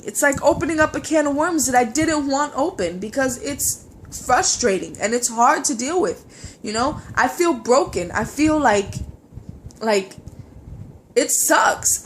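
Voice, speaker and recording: A young woman with a stuffy nose from a cold, venting in a frustrated, halting personal vlog with many fillers and restarts. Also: high-pitched, expressive, a little hiss or hum. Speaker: vlogger. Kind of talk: emotional personal vlog rant.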